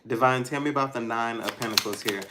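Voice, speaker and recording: A man's voice: medium pitch, quick pace, very noisy. A man giving a casual tarot reading to his viewers, thinking aloud, restarting his sentences and talking straight to them. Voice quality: musing, stops and restarts, soft laughs. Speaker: tarot reader.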